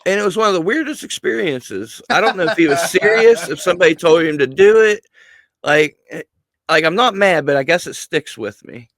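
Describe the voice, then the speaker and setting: A man telling stories as a guest on a casual podcast, animated, swearing freely and laughing mid-sentence. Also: a little high, fairly quick, dry recording. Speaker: guest, wrestling personality.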